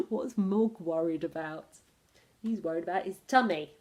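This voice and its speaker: A woman reading a picture book aloud to children, animated and pausing to ask her listeners questions. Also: on the low side. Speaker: storyteller for children.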